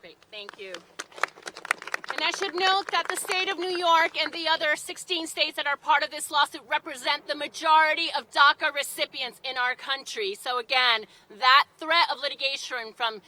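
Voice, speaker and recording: A woman emceeing an outdoor rally, briskly introducing speakers and mixing in Spanish phrases. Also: high-pitched, bright, forceful tone. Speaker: rally emcee, legal advocate. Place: outdoors outside a courthouse.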